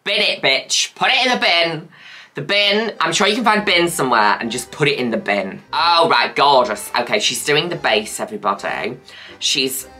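Camp exclamatory woman, very low. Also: lively intonation, normal speed, bright, forceful tone. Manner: camp, exclamatory, cheering with playful swearing. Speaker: host reacting to videos. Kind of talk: reaction commentary.

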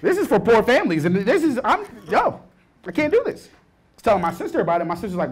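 A man in his thirties working a stand-up set, his voice sitting high and leaping all over the place. He drops into low muttered asides, then bursts out loud. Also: fast talker, a little hiss or hum. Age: 30s. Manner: animated, swings between mumbled asides and loud outbursts. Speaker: stand-up comedian.

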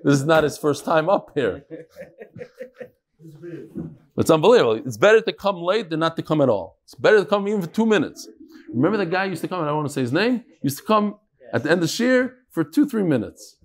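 A man giving a live Talmud lecture to a study hall, lively and joking, freely mixing in Hebrew and Aramaic terms. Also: a little high, brisk. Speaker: Talmud class teacher.

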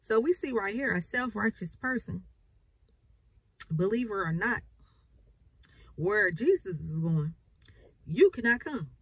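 A woman is preaching, reading Bible verses aloud and then explaining them with emphatic repetition. Her voice is husky and animated, swinging high and low. The sound is dry and close. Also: measured pace, pauses often, no echo, rough recording.

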